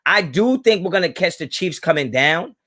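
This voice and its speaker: A man with a slightly high voice, lively intonation and a pushed, bright tone speaks at normal speed. Hosting a live sports fan stream, he talks casually and emphatically right to his chat and repeats his points.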